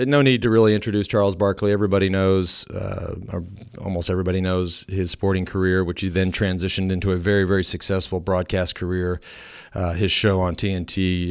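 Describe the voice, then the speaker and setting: A male podcast host in his forties, chatting casually and telling stories with lots of stammered restarts and self-mocking jokes. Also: low-pitched. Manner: animated, self-mocking storyteller with many restarts. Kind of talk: casual chat.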